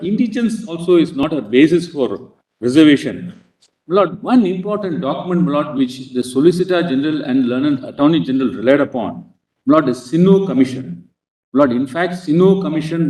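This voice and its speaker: A man with an Indian accent, arguing as an advocate before a court in a formal, halting manner, constantly addressing the bench. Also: fairly high pitch, animated, mellow. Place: large courtroom. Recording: roomy courtroom audio from a distance.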